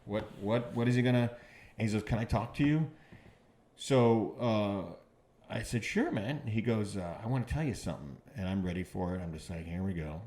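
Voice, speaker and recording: Man, low voice, comedian guest, casual podcast storytelling, halting, repeats himself. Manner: halting, repeats words, animated when quoting others.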